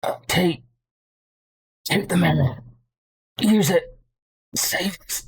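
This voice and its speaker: Man doing a dying dwarf survivor, high-pitched, gasping, broken pleas, tabletop game. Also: slow pace, breathy edge, heavily acted. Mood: pleading.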